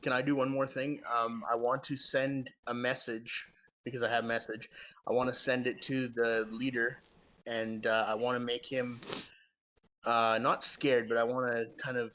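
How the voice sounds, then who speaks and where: Soft, hesitant male player, faint background hiss. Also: medium pitch, little pitch movement, a little slow, poor audio. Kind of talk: casual tabletop game chat.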